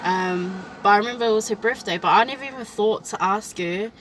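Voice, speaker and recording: Bright animated young New woman. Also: medium pitch, a little fast, slight background noise, low-quality recording. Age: 20s. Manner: animated storytelling, acts out quoted lines. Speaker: vlog host. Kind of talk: casual personal chat.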